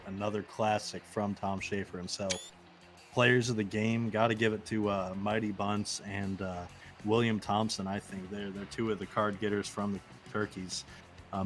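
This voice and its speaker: A man with a low, flat voice calls a baseball game on a stream and reads out the numbers in a steady recap. Faint music sits underneath. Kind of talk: sports recap commentary.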